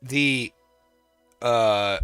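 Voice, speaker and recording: A man's voice: medium pitch, very slow, clear, resonant tone, dry recording, soft background music. A young man from New England co-hosting a podcast, telling stories animatedly in casual chat and swearing a lot. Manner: animated storytelling, heavy swearing. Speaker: podcast co-host.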